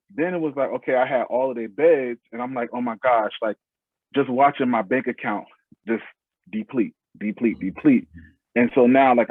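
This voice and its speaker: A man tells his story as a podcast guest in a husky voice, earnest and heartfelt, his phrases starting over as he goes. The sound is thin and phone-like, and dry with no room around it. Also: medium pitch, no room sound. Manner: earnest, heartfelt, speaks in loose restarting phrases. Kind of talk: casual interview storytelling.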